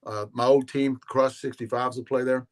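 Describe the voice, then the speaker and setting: Man, casual chat, rambling, laid-back, mid-pitched voice, repeats words. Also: fairly even intonation, moderate pace. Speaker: regular guest on a live show.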